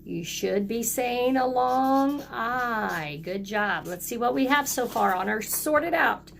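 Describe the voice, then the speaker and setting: A woman teacher leading a phonics lesson for young children, speaking slowly and encouragingly and stretching out letter sounds. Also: fairly high pitch, animated, vocal fry, a little hiss or hum.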